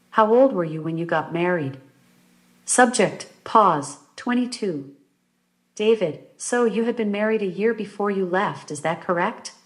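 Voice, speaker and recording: Slow-reading woman audiobook narrator. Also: medium pitch. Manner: even, flat delivery reading speaker labels aloud. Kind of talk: audiobook reading of a session transcript.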